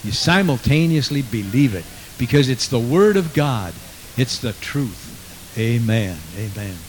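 A man's voice: medium pitch, sing-song, a little slow, slight background noise, low-quality recording. A man preaching a sermon with fervent conviction, reading scripture aloud and repeating his praise phrases.

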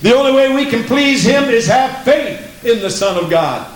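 High voiced preacher guy, punchy repeated lines, echoey church room. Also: lively intonation, moderate pace. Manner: emphatic, repeats lines, asks the congregation questions. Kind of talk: sermon.

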